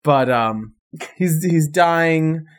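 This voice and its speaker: A man's voice: fairly high pitch, very slow. A man co-hosting a podcast in casual chat, joking and mock-indignant. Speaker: podcast co-host.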